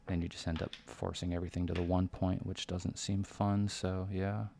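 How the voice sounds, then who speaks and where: Hushed, gravelly man commentating. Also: sits low, level tone, moderate pace. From United States. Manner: hushed, near-whispered, thinking aloud. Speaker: backgammon commentator. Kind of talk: live game commentary.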